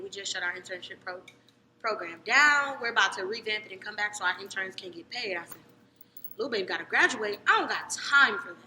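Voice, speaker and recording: A young woman from Cleveland telling a story in casual podcast chat, animated, jumping between loud excited bursts and low murmurs. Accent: American, Cleveland. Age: young adult. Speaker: podcast co-host. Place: podcast studio. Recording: echoey room with long reverb, faint noise.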